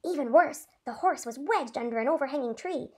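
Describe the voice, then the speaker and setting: A teacher reading a story aloud to her class, in a lively, expressive way. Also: high-pitched, fairly quick.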